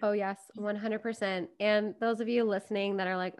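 A woman's voice: medium pitch, fairly even intonation, normal speed, smooth. Woman, casual podcast chat, upbeat, rambling storyteller. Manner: chatty, upbeat, digressive storyteller. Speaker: guest business coach.

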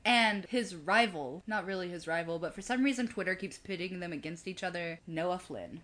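Lively, playful Southern woman. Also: fairly low pitch, normal speed. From the American South. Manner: playful, teasing banter. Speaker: co-host. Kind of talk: casual comedic chat.

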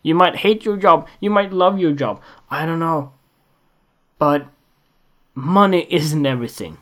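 A man's voice: on the high side, a little slow, a bit bright. A man talks alone into a podcast mic in an unscripted monologue. He rambles and circles back on himself, drops frequent curses for emphasis, and keeps asking the listener pointed questions. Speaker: podcast host.

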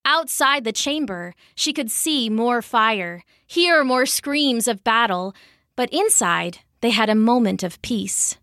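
A woman storyteller reading a fantasy tale for children, measured and expressive. Her voice is bright and a little high, unhurried, in a dry, close recording. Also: no room sound.

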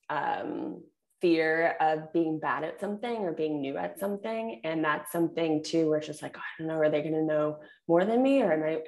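Low-ish woman's voice with gravelly fry, rambly and chatty, lots of likes and you knows. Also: a little mellow. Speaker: podcast guest. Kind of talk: casual podcast chat.

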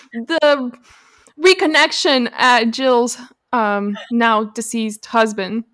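A woman's voice: on the high side, very slow, fairly bright tone. A young woman guest on a film podcast, playful and jokey, laughing often. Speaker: podcast guest, staff writer. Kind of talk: casual film podcast chat.

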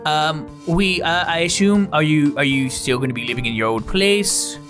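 A man voicing an eager, welcoming old male duck who is a town mayor, in a high, shouted, drawn-out voice. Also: faint music behind, natural voice.

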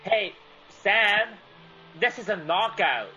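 A man playing a stammering, excitable pal. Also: sits high, takes it slowly, dull audio, a little hiss or hum, full character voice. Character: curious man who finds a finished story. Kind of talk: old-time radio drama acting.

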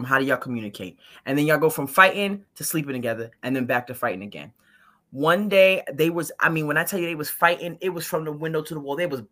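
Bright-voiced woman from Brooklyn, podcast guest, blunt animated storyteller. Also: fairly low pitch. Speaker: guest co-host. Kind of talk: casual podcast chat.

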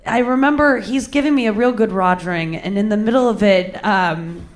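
A woman's voice: mid-range voice, normal speed. A young woman telling a crude personal story with candid, self-mocking humor, laughing often.

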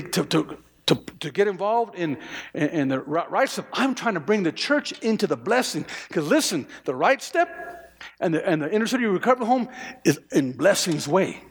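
A man's voice: high-pitched, very animated, normal speed, slightly rough. A male pastor preaching a sermon, emphatic, repeating phrases and stammering through restarts. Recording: long hall reverb.

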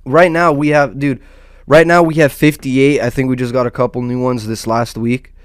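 A man's voice: mid-range voice, fairly even intonation, moderate pace, clear, resonant tone, no echo, clean studio sound. Rambling, profane man giving loose commentary. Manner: rambling, loose, with frequent restarts and "dude". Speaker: host of a small online channel.

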